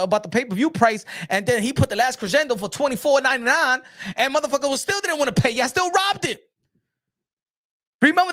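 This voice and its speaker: Profane man ranting about boxing. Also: extremely high pitch. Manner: profane, animated, repetitive. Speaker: boxing show host. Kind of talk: casual commentary rant.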